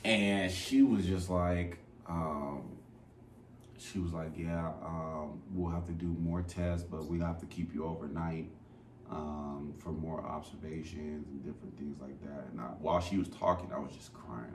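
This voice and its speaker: A young man co-hosting a podcast and telling a personal story in casual slang. He often goes quiet and soft when he speaks of the hard moments. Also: fairly even intonation, unhurried. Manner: casual and slangy, voice dropping low and soft as he recounts crying. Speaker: podcast co-host. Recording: echoey room, mic at a distance, faint noise.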